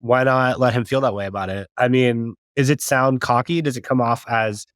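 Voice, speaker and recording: A man in casual chat, relaxed and tentative with many fillers. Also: mid-range voice, normal speed, no room sound, clean studio sound.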